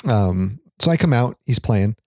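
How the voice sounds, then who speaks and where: Guy rambling thru a story on a podcast, warm low-key tone, dead dry sound, laughs a lot. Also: lively intonation, unhurried, dry recording. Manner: rambling, laughs often, swears casually. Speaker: podcast co-host. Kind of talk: casual storytelling chat.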